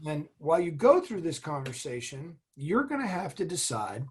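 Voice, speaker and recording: Speaking earnestly and motivationally about leadership, a middle-aged interview guest who was once a military officer and executive sounds very animated. His voice is a little high with a breathy edge, at normal speed with few pauses.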